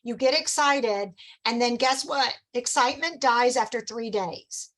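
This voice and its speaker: A middle-aged woman leads a team meeting with a bright, high-pitched voice. She coaches in an upbeat, encouraging way and slips into quick acted-out customer lines. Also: rough recording. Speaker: sales director leading a team meeting. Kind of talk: motivational team meeting talk.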